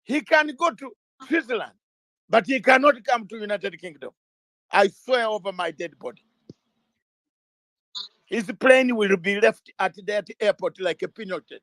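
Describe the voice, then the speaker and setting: A man's voice: high voice, expressive, measured pace, long pauses, a bit bright, no echo, low-quality recording. A man speaking as an interview guest, emphatic and fiery, hammering his points with repeated rhetorical questions and sometimes raising his voice. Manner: repeats words when starting out. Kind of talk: impassioned political talk.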